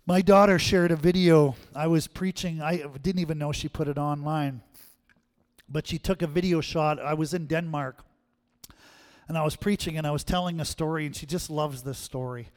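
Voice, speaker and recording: Higher-voiced conversational male preacher. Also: steady tone, moderate pace. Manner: conversational, repeats "right?" to the congregation. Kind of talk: sermon.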